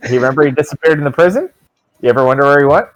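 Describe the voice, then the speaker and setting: A man's voice: fairly high pitch, rapid-fire, rough recording. A young man running a tabletop game as dungeon master, joking with his players.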